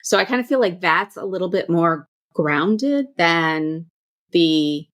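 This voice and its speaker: A woman hosting a podcast interview, making her points in a measured, reasoned way. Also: on the low side, expressive, fairly bright tone. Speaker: podcast host. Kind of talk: interview conversation.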